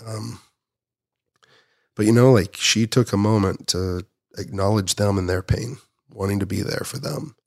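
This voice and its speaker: A man with a lowish, gravelly voice talks with deep earnestness, often dropping soft and quiet. His voice sits close to the mic in a dry, dead studio. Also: a little slow, no room sound. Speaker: guest, nonprofit founder. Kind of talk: heartfelt podcast conversation.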